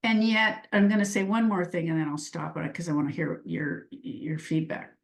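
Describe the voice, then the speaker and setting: A woman's voice: fairly low pitch, steady tone, normal speed, creaky, echoey room. A middle-aged woman speaking as an interview guest and coach, earnest and searching, often restarting her sentences. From Washington state. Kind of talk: reflective interview talk.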